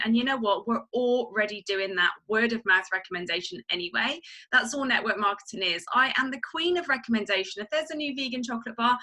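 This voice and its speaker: A woman pitches with eager emphasis over a video call. Her voice sits a little high and rings bright and forceful. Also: brisk. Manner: enthusiastic, emphatic sales pitch. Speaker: network marketing team leader.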